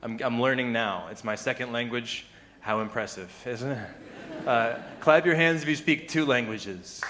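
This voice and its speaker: A man talks through a stand-up comedy set in a loose, conversational way, chuckling at his own jokes and slipping into mock voices for the people he quotes. The voice sits at a middle pitch, with a faint hum of noise behind him. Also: normal speed, fairly bright tone. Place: live comedy venue with audience.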